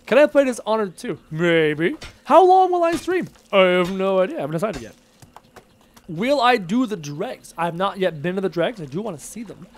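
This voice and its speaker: A man's voice: high voice, sing-song, normal speed. A man streaming a game live, chatting and muttering to himself as he plays and reads chat aloud. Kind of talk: live gameplay commentary, reading chat aloud.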